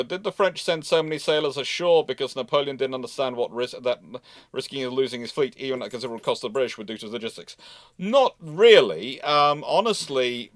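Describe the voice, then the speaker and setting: A man's voice: mid-range voice, no echo. A man hosting a livestreamed naval history lecture, talking conversationally with fillers and self-corrections and answering viewer questions.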